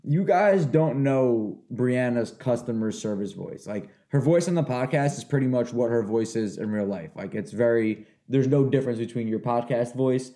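Mellow-voiced rambling young man. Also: mid-range voice, moderate pace, hardly any pauses. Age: 20s. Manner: rambling, animated, laughs easily. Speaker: podcast host. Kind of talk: casual chat.

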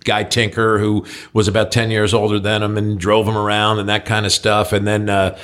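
A man's voice: fairly low pitch, completely flat delivery, moderate pace, fairly bright tone. A man co-hosting a podcast, chatting casually and telling stories, acting out quotes with a raised voice. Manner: storytelling, acts out quotes with raised voice. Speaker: podcast co-host. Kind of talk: casual chat.

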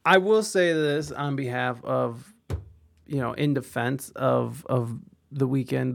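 Creaky-voiced man in profane casual commentary. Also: on the high side. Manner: rambling, profane, offhand. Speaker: commentator reacting to videos.

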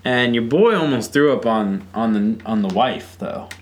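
A young man hosting a podcast, telling stories in casual, profane, animated chat. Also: medium pitch, moderate pace, slight background noise. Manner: loose, profane, animated storytelling. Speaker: podcast host.

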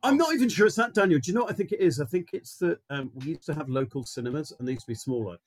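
A man's voice: a little high, animated, rapid-fire. A man co-hosting a podcast, chatting casually with wry, teasing remarks. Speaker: podcast co-host. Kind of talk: casual chat.

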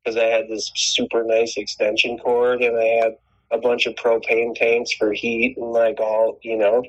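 Brief: male guest, rambling profane storyteller, mid pitch, lo-fi muffled recording. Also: completely flat delivery, a little slow. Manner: rambling, profane, frequent restarts. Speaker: guest telling a personal story. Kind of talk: casual storytelling chat.

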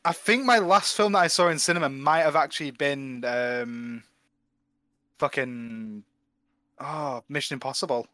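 A man's voice: medium pitch, a little slow, bright, forceful tone, no room sound. A man co-hosting a film podcast, bantering casually and swearing a lot. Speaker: podcast co-host. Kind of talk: casual film review chat.

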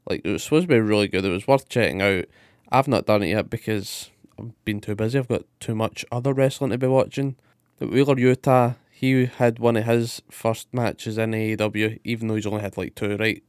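Sweary man, smooth and dry. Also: lowish voice, a little mellow, dry recording. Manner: sweary, enthusiastic, rambling. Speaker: podcast co-host. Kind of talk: casual wrestling podcast chat.

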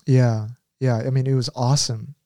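A man talks through memories in a relaxed, mellow voice, dry and close. His speech wanders with frequent fillers and restarts. He slips into quick character impressions as he goes. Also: mid-range voice, no echo. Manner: rambling, filler-heavy storytelling with impressions. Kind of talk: casual conversation.

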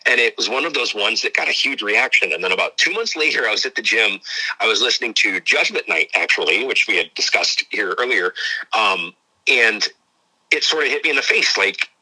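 A man's voice: lowish voice, lively intonation, fairly quick, pushed and bright, slightly rough, poor audio. A man from Ohio with a Midwestern accent, a podcast guest who talks in a rambling, casual way and laughs often. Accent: Midwestern American. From Ohio, USA. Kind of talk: casual interview.

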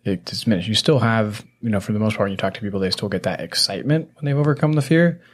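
A very low-pitched man hosts a podcast in loose, rambling talk. He explains things at length and teases his guests, leaning on filler words as he goes. His voice sits well down in the bass. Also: fast talker. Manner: rambling, teasing, heavy "you know" fillers. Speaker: podcast host. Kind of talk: casual conversational explaining.

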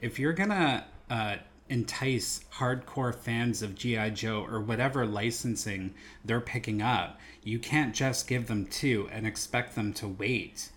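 A man's voice: medium pitch, measured pace, few pauses, a bit bright. Man in matter-of-fact podcast chat. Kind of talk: casual chat.

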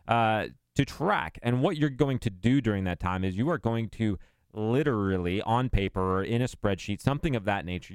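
Low, smooth-voiced male co-host. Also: no room sound. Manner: measured, steady explainer. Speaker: podcast co-host. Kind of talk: casual podcast chat.

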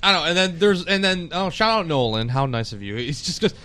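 A man co-hosting a podcast, reading out the chat in casual talk, relaxed, laughing easily, with hesitant fillers. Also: fairly high pitch, a little fast.

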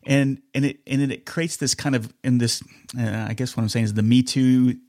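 A man's voice: mid-range voice, fairly even intonation, dark tone, no room sound, clean studio sound. A man hosting a conversational interview, rambling and restarting as he searches for words. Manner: reads sponsor ad quickly. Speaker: podcast host.

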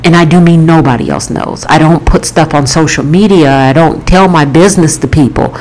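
Low-voiced woman sharing a personal story. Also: moderate pace, darkish tone, slight background noise, rough recording. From Florida. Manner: earnest, emotional storytelling with repetitions. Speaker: author. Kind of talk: personal testimony to viewers.

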